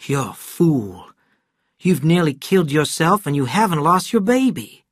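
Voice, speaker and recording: A reader voicing a stern but kindly male country doctor, firm at times and hushed at others, in a storybook reading. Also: mid-range voice, very animated, a little slow, breathy edge, no room sound, clean studio sound, pitched above the performer's own voice.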